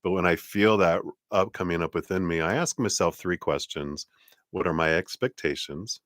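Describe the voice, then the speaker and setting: A man's voice: low voice, normal speed, a bit bright, no echo, studio quality. A man hosting a casual live tarot reading, chatty and reassuring, who laughs often.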